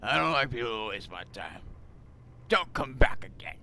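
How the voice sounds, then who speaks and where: A man's voice: mid-range voice, big pitch swings, normal speed, creaky, bright, forceful tone, a little hiss or hum, full character voice. A man voicing a rude, impatient mobster boss in his own game mod, in a strained, forced tough-guy voice. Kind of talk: amateur game mod voice acting.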